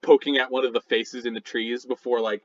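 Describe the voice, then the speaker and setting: A man's voice: mid-range voice, flat delivery, fairly quick. Casual male dungeon master, lo-fi audio. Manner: casual, loose narration with many fillers. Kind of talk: narrating a tabletop game. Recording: dull lo-fi audio.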